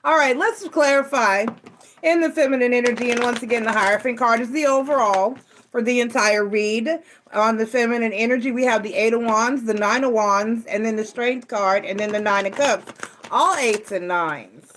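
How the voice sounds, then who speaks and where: A woman's voice: on the high side, normal speed, fairly bright tone, a little hiss or hum. A woman from New York with a Southern American accent, doing a casual tarot reading at home, chatty and often laughing. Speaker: tarot reader.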